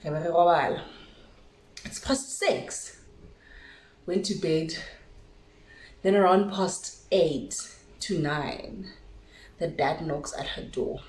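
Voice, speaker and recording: A young South African woman telling a story to her vlog audience in a lively way, acting out what each person said. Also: lowish voice, measured pace, slight background noise. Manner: animated storytelling, switching languages, acts out dialogue. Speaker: vlogger. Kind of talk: casual storytime chat. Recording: echoey room.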